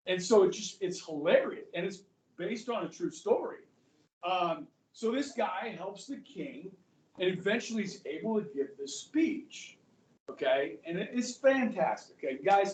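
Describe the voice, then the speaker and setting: Animated male teacher in an echoey classroom. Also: high-pitched. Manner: animated, chatty, keeps checking in with "okay?". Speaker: history teacher. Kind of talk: classroom lecture. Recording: echoey classroom, mic far off.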